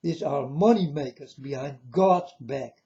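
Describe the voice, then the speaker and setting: A man giving an earnest, halting religious monologue to camera in non-native phrasing. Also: a little high, dark tone, lo-fi sound. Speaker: religious video maker.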